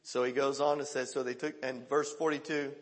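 A male pastor preaching a sermon, swinging between loud calls and hushed quoted lines. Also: medium pitch, level tone, fairly quick, long reverb tail.

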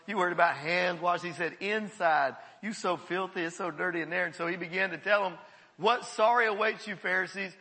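A man preaching a sermon to his congregation, animated, repeating words and calling on the listeners to answer. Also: sits high, long reverb tail. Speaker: pastor. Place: church.

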